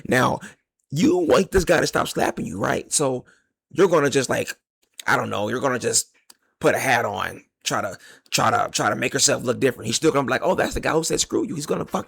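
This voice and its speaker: Fast, gravelly man joking loosely. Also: medium pitch, no echo. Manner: joking, rambling analogies, loose slang. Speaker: food delivery trucker. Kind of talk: casual opinion monologue.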